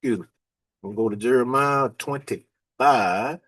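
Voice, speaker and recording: A man giving informal Bible teaching, reading verses slowly and then commenting on them in plain, emphatic talk. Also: medium pitch, a bit bright, husky.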